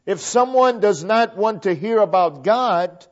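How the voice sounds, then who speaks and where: A man preaching a sermon, slow and deliberate, repeating phrases for emphasis. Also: sits high, animated. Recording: dull lo-fi recording.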